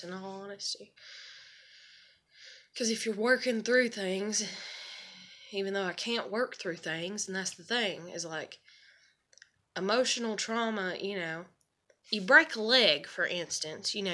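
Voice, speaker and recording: A woman's voice: on the low side, a little slow, pauses often, bright, forceful tone. A woman telling a personal story in a casual, rambling, candid way, swearing and filling with "you know" and "like".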